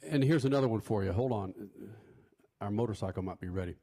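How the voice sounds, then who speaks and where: A man's voice: fairly low pitch, fast talker, dark tone. A man co-hosting a casual chat, prompting others with questions and jokes, with some mild swearing. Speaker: co-host.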